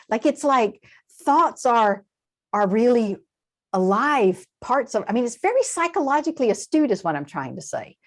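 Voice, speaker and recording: A woman guest in an interview, explaining in a lively conversational way, with quick asides and frequent shifts in emphasis. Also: on the high side. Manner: animated, warm-hearted explaining with quick asides and laughs. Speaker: translator and guest.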